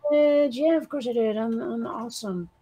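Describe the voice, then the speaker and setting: A woman with a fairly high voice chats loosely on a podcast, slipping into a drawling Valley Girl manner. She rambles with lots of fillers and crude jokes. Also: moderate pace, lo-fi sound, crowd noise. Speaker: podcast co-host. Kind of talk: casual chat.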